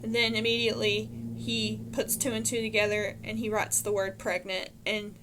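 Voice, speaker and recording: A woman's voice: medium pitch, little pitch movement, normal speed, a bit bright, a little hiss or hum. A woman casually recapping a TV episode, retelling scenes and quoting the characters with frequent fillers and self-corrections. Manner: chatty retelling, quoting characters with lots of "and she's like". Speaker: TV episode reviewer.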